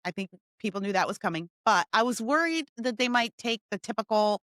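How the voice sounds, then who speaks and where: A woman co-hosts a relaxed podcast chat, her voice in the middle of the usual range. She tells stories with gusto and climbs higher and louder when the tale gets exciting. The recording is close and dry, with no room sound. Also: brisk, dry recording. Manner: lively storytelling, rising loud when excited. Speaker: podcast co-host. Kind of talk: casual chat.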